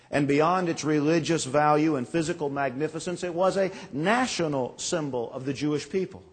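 In a large church sanctuary with long reverb, a pastor in his forties preaches a sermon. His voice is fairly high and slightly rough, and he tells stories in a folksy, self-deprecating way.

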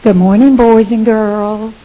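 A woman leads children's time in a church, reading a Christmas picture book aloud with gentle expression. She takes it slowly, her voice sitting a touch high and warm with storytelling lilt. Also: fairly even intonation, low-quality recording. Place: church sanctuary.

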